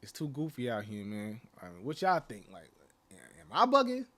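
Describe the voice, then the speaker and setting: A man's voice: medium pitch, huge pitch swings, moderate pace, fairly bright tone. A man talking casually to camera as a channel host, rambling with lots of "like" and "you know" and mocking rhetorical questions. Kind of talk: casual opinion rant to camera.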